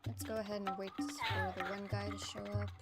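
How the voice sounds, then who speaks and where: A woman's voice: mid-range voice, flat delivery, a little fast. A young woman streaming a game, chatting casually and rambling with many fillers and giggles. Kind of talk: casual gaming stream chat. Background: loud game music.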